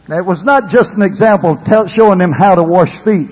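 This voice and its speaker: An older male pastor preaches with a high, husky voice that swells and drops. His words echo with a long reverb through a church hall, and he keeps calling "Amen" to the people. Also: brisk, few pauses, darkish tone. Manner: preacher's rising and falling delivery, calling out "Amen". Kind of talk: sermon.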